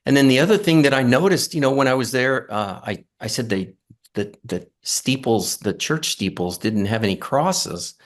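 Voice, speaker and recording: A middle-aged man telling his story in an earnest, halting way, with many fillers and restarts. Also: medium pitch, expressive. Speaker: near-death experience guest. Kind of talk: casual storytelling.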